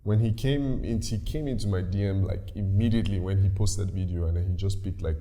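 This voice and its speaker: A man being interviewed, telling his story in an animated, easygoing way. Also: sits low, a little fast. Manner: animated storytelling, laughs easily. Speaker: interview guest. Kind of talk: casual interview.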